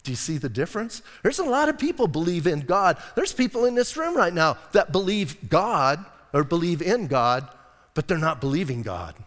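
A man preaching a casual, animated sermon as pastor, acting out voices in the quotes. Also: fairly high pitch, moderate pace, in a large hall. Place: church hall.

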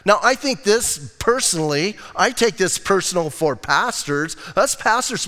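A man's voice: high-pitched, animated, unhurried, bright, forceful tone, big-room sound. A man preaching as pastor in a casual, joking, verse-by-verse sermon, often breaking in with "hey". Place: church sanctuary.

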